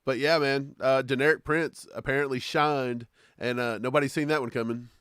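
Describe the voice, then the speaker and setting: A man's voice: medium pitch, steady tone, normal speed, a bit bright, clean tone, no room sound, studio quality. A man co-hosting a sports podcast, chatting casually and joking in laid-back banter. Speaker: podcast co-host. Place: Kentucky.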